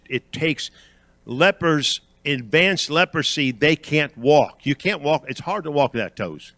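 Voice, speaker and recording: A man's voice: medium pitch, fairly bright tone, dry recording. A man preaching a sermon at church, emphatic and repetitive, calling out questions to the congregation and building in intensity. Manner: emphatic, repeats phrases with rising intensity, quizzes the congregation. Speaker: guest preacher.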